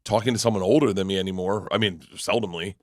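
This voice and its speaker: A man's voice: low voice, quick pace, no room sound, clean studio sound. A middle-aged man, a comedian guest, telling a story in casual chat, swearing and acting out the people in it. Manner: animated, swearing, acts out quoted people.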